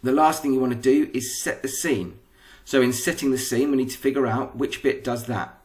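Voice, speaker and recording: English male teacher, patient step-by-step lesson, mid pitch. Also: steady tone, a little fast, darkish tone. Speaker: primary school teacher. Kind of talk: recorded lesson explanation.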